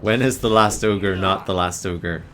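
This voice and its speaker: A man's voice: low voice, measured pace, a bit bright, a little hiss or hum. A man hosting a live game stream, chatting casually and joking around with his co-player. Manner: playful and joking. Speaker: podcast host. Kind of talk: casual gaming stream chat.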